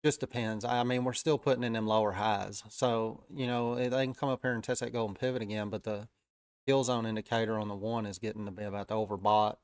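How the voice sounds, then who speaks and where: A man's voice: on the low side, fairly even intonation, a little fast, clear, resonant tone, no echo, clean studio sound. A man with a Southern US accent casually commenting on live trades, easygoing and chatty with frequent "uh" fillers. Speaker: day-trading live-stream host.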